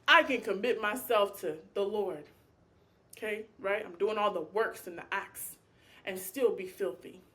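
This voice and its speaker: A woman's voice: mid-range voice, a little slow. A woman leading an informal Bible study, speaking with passion, acting out prayers and dialogue, and talking to her listeners in a casual, familiar way. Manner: impassioned, animated, acts out prayers and dialogue; colloquial, addresses listeners as y'all. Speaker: Bible teacher.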